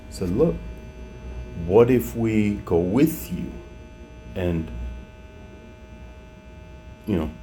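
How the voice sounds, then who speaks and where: A man telling his personal testimony in an unscripted, halting way, with many fillers and restarts, at times growing emotional. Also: low-pitched, warm tone, slight background noise. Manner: becomes emotional, voice rising. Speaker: former truck driver giving a testimony. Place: home in Mexico.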